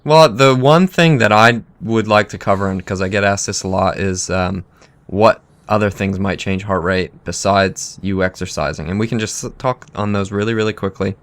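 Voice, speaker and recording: A man with a fairly low but fairly bright voice co-hosts a training podcast at a normal speed. It's a casual coaching chat where he explains things plainly and slips dry jokes in between.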